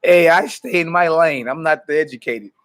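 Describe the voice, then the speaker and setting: Before prayer, a man with a slightly bright voice on the high side hosts a casual ministry livestream at normal speed. He greets viewers by name, hypes them up and laughs a lot.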